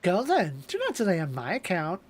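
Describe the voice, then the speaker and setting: A man's voice: high voice, wildly swooping pitch, normal speed, exaggerated voice. A man voicing a defiant, proud young woman fighter, reading game dialogue aloud in a clipped, scornful way, with game music behind him.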